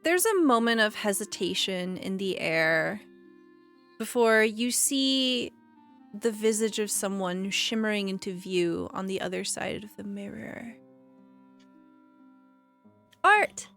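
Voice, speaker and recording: A woman running a tabletop roleplaying game as game master, narrating scenes in a calm, descriptive way. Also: mid-range voice, unhurried, soft background music.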